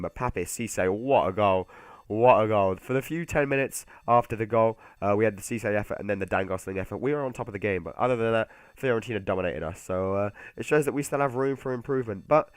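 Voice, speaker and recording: A man's voice: on the low side, no room sound. A young man giving casual, rambling commentary over a football video game, with lots of fillers and restarts. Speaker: gaming YouTuber.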